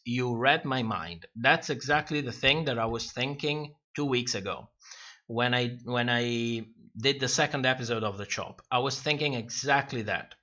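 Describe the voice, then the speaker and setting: A man's voice: mid-range voice, bright, forceful tone. Chatty man hosting a livestream, lo-fi sound. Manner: chatty, rambling, laughs often, many restarts. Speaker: livestream host. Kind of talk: casual livestream chat reading comments.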